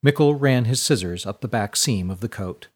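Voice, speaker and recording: A man narrating a scripted story in an even, measured reading. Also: lowish voice.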